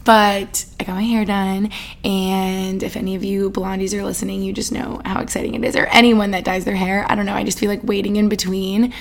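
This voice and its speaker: A young woman hosts a podcast, chatting casually in a bubbly, rambling way full of "like" and little laughs. Her mid-range voice is gravelly and fairly quick, yet her delivery is flat.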